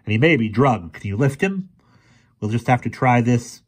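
A man voicing a hot-tempered older male professor who snarls and roars with a husky voice. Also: mid-range voice, expressive, normal speed, pitched above the performer's own voice, lightly acted. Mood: urgent. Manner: roaring, snarling.

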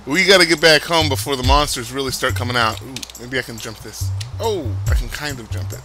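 A man's voice: medium pitch, brisk, sharp tone. Rambling, joking man over background music. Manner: rambling, joking, self-mocking, frequent fillers. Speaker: let's play host. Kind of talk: casual gameplay commentary.

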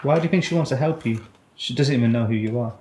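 A man interviewing someone for a documentary, asking calm, direct questions. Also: mid-range voice, fast talker. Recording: echoey room with faint noise.

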